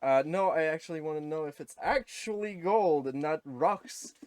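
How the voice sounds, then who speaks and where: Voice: mid-range voice, moderate pace, darkish tone, dry recording. A player in a tabletop role-playing game who jokes and laughs often. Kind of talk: casual tabletop game play.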